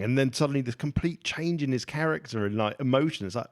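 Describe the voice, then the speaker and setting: A man co-hosting a podcast in easy, casual film talk. He thinks aloud, turning ideas over and analysing what he saw with a measured, mid-range voice. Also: mid-range voice. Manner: thoughtful, musing, analytical. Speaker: podcast co-host.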